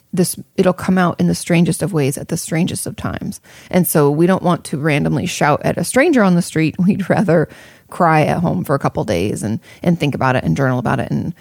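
A woman's voice: on the low side, creaky, darkish tone, dry recording, studio quality. A woman therapist giving casual, frank advice to viewers, thinking aloud with plenty of fillers and the odd swear word. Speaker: therapist answering viewer questions.

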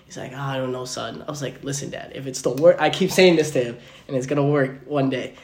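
A man's voice: mid-range voice, fast talker, creaky, darkish tone. A young man hosting a podcast, telling personal stories casually and acting out both sides of each conversation. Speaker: podcast host. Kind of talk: casual storytelling chat. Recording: roomy echoey room.

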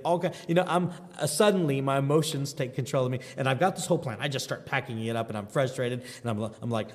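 A man giving a devotional sermon, telling a lively personal story in a folksy, earnest way. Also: mid-range voice, fast, few pauses. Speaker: pastor. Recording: long hall reverb.

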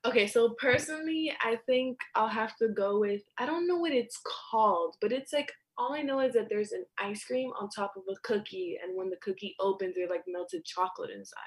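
A woman's voice: mid-range voice, fairly quick, few pauses. Rambling woman in casual chat. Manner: rambling, searching for words.

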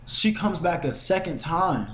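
A young man telling a story casually, animated and slangy, acting out the voices of the people in it and cursing often. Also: fairly high pitch, measured pace, a little hiss or hum. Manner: animated, acts out quotes with shifting voices. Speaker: podcast host telling a story.

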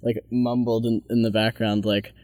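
A man's voice: on the low side, flat delivery, a little mellow, no room sound, clean studio sound. Playful teenage boy hosting. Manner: playful, quick to laugh. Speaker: host. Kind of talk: casual student interview.

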